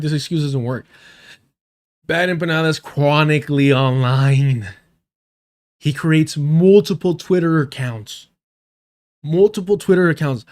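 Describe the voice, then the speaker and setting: Profane, scornful man ranting on stream. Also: on the high side. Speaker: livestream host. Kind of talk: live-stream commentary.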